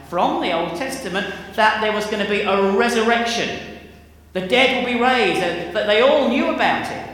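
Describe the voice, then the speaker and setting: Guy preaching casually, voice swoops around a lot, big echoey church hall. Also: sits high. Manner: conversational, animated, with asides. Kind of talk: sermon.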